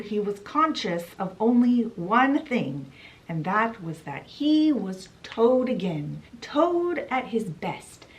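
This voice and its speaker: A woman's voice: medium pitch, low-quality recording. A woman hosting a book channel, summarizing a classic story in a chatty, playful way with dramatic asides.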